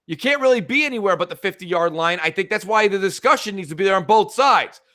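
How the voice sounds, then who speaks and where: A man co-hosting a gaming podcast, talking in an animated, rambling way. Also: high voice, fast. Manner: animated, reads chat aloud, fills with uh. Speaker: podcast co-host. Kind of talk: casual gaming podcast chat.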